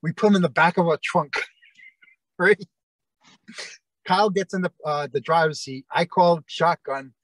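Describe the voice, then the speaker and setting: Interview guest, male, slightly raised pitch, dry close sound, rambling storyteller. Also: unhurried, pauses often, a bit bright, dry recording. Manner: rambling, many fillers and restarts.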